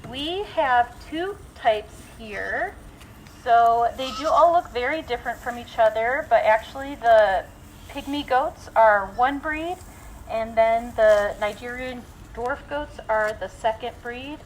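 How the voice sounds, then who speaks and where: A woman's voice: a little high, slow pace, slight background noise, rough recording. A woman zookeeper giving a friendly live talk outdoors at an animal exhibit, explaining with frequent ums.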